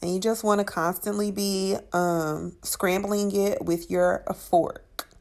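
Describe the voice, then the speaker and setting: A woman's voice: medium pitch, fairly even intonation, takes it slowly, gravelly, a little mellow. Sassy woman narrating her cooking. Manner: sassy and chatty, calls viewers honey and child. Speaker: cooking channel host. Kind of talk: casual cooking voice-over.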